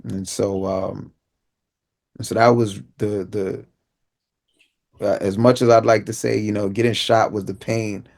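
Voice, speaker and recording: Guy with a lowish voice telling his story, acts out the voices of people in it. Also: level tone, a little slow, creaky, pauses often, a little mellow. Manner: vivid storyteller acting out dialogue. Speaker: inspirational speaker. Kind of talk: personal testimony.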